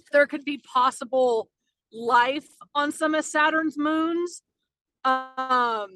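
A woman's voice: high voice, pushed and bright, no room sound, rough recording. A woman co-hosting a podcast, casually explaining a space fact in a chatty way with fillers. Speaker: podcast co-host. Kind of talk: casual chat, explaining a segment.

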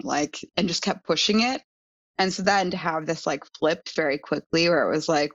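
A young woman talks through a personal story in a relaxed, rambling way, leaning on "like" every few words. Her voice sits a bit low, and the recording is dry and slightly dull. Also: a little fast, no echo. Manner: chatty, frequent "like" fillers. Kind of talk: casual chat.

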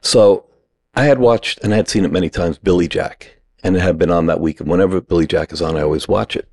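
A middle-aged man from New York, casually telling a lively anecdote and acting out the quoted lines. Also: low voice, quick pace. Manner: animated anecdote-teller, acts out quoted lines. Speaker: guest. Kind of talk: casual storytelling.

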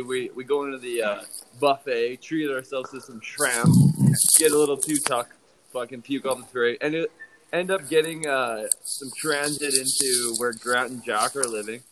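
A man's voice: mid-range voice, steady tone, moderate pace, background noise. A young man co-hosting a podcast, telling a party story in brash, boastful, profane casual chat.

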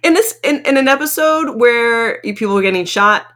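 A woman co-hosting a podcast in casual chat, laughing often and reacting with quick agreement. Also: fairly high pitch, expressive, a bit bright. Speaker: podcast co-host.

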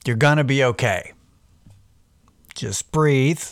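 A man's voice: mid-range voice, takes it slowly, smooth, no room sound. A man giving a casual, rambling sobriety pep talk, self-deprecating and profane, drifting into digressions. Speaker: podcast host.

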